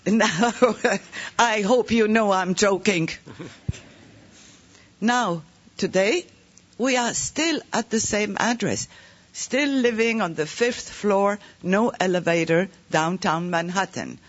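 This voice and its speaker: A man with a high voice and slow, deliberate delivery tells a story. He jokes and stresses his points firmly. The recording sounds dull and muffled. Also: a bit bright. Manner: joking, emphatic, slow and deliberate. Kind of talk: storytelling talk.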